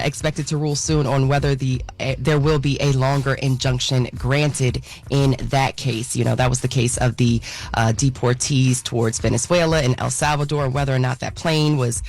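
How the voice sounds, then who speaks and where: A man's voice: mid-range voice, gravelly. A man co-hosting a morning radio show, reading the news in a loose way with lots of fillers.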